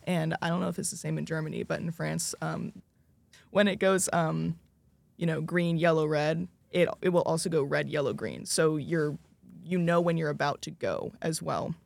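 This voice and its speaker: A man's voice: fairly high pitch, normal speed, gravelly. A young man, a French student from the United States, talking casually on a student panel, rambling and searching for examples with plenty of fillers.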